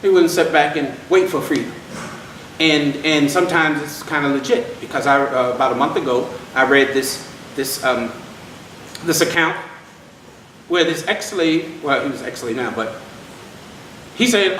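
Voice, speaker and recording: Man, live storyteller at a historic site event, folksy crowd talk, high pitch, faint room noise. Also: measured pace, pauses often, fairly bright tone. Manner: folksy, addresses crowd as y'all. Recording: echoey room from far off.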